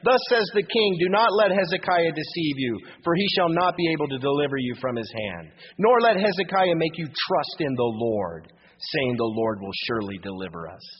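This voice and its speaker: A man's voice: a little high, animated, normal speed, a little hiss or hum. A male pastor teaching a Bible passage verse by verse, reading scripture aloud and then restating it in plain, everyday speech. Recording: muffled radio broadcast with long reverb.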